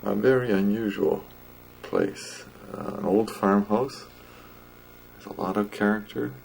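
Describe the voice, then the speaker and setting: A man narrating a travel vlog in an unhurried, understated way. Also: fairly low pitch, creaky, darkish tone, slight background noise, rough recording. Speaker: travel vlogger.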